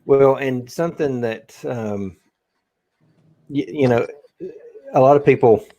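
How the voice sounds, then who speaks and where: A man co-hosting a casual chat show, giving short agreeing replies and then steady explanations. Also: mid-range voice, slow pace, no room sound. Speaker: co-host.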